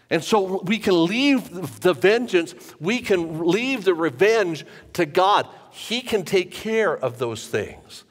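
A pastor preaching a sermon to a live congregation in a church, talking conversationally and repeating phrases for emphasis. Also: male voice, fairly high pitch, a bit bright. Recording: long church reverb.

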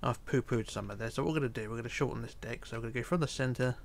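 A tired man narrating a building tutorial, counting quietly under his breath as he works. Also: mid-range voice, rapid-fire, gravelly, slight background noise. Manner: relaxed, counting blocks under his breath, drops to near whisper. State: tired, yawning. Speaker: tutorial host. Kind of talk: casual game tutorial narration.

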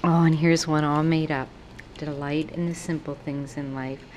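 A woman's voice: low voice, fairly even intonation, normal speed, a little mellow, rough recording. A woman vlogger opening craft mail on camera, gushing over each item and thanking senders by name in casual chat. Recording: faint background noise.

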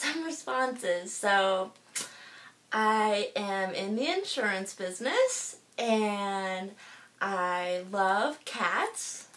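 A young woman giving a halting, awkward and overly emotional comic monologue as a spoof dating profile. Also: high voice, fairly bright tone. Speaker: video dating profile parody. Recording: voice a bit far from the mic.

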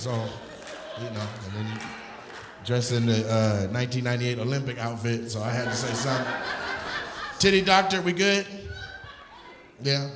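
A male stand-up comedian doing crowd work, loudly teasing audience members and often breaking into shouts and laughter. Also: medium pitch, expressive, moderate pace, pauses often. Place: comedy club stage. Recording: echoey club room with audience noise.

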